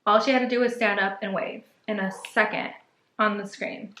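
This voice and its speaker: A woman's voice: mid-range voice, steady tone, normal speed, fairly bright tone. Candid young woman, echoey room. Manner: candid, opinionated, chatty. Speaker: podcast co-host. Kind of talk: casual advice chat.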